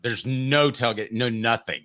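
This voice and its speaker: A man's voice: mid-range voice, a little slow. A middle-aged man hosting a casual sports podcast, joking and teasing his co-host. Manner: jokey, teasing, animated.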